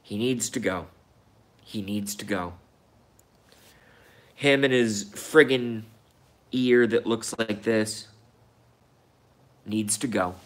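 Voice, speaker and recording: Low-voiced man on a profane rant. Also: slow, long pauses. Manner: heated, profane, repeats himself. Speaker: show host reading viewer comments. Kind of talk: angry political rant, live stream.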